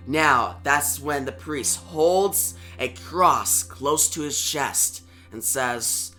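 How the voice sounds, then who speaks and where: A man's voice: mid-range voice, drawn-out words, few pauses, bright, forceful tone, faint music behind. A man reviewing a comic book on video, retelling the story casually and talking to viewers. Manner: plain retelling with fillers and asides to viewers.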